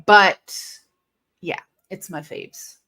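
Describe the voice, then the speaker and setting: This woman's voice is on the low side, very slow and creaky. She's running a live watch-along stream, talking casually, answering her chat, and erupting in excited outbursts when the action heats up.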